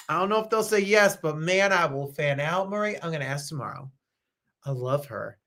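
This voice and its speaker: A man's voice: a little high, a bit bright. A middle-aged man hosting a live talk show, chatting effusively and emotionally with his viewers. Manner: effusive, emotional, sings snippets. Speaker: host. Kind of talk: casual live show chat.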